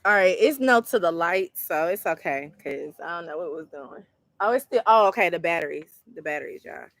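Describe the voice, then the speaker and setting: Laughing woman tarot reader, very animated. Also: fairly low pitch, a little fast, dry recording. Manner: laughing hard, wheezing. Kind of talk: casual livestream chat.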